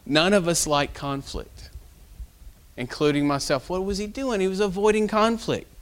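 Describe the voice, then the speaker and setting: Brief: male pastor, folksy conversational sermon, slightly high voice. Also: steady tone, moderate pace. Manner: folksy, conversational storytelling with fillers.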